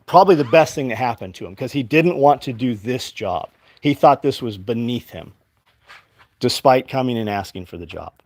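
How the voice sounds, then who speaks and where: A man's voice: mid-range voice, a little mellow, dry recording. Blunt, profane man ranting. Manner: quotes his own past exchanges. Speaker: business owner and show host. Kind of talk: casual livestream talk. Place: his company's workspace.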